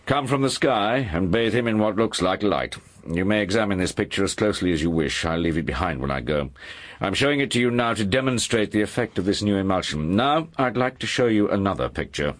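An actor playing a calm, authoritative aristocratic explorer lecturing scholars in an audiobook. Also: male voice, on the low side, brisk, lightly acted. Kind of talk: audiobook dialogue.

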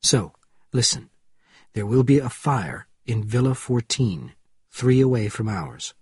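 Man voicing a cold female nurse, husky and curt, businesslike orders, dry close sound, audiobook. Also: medium pitch, lively intonation, a little slow, darkish tone, no room sound.

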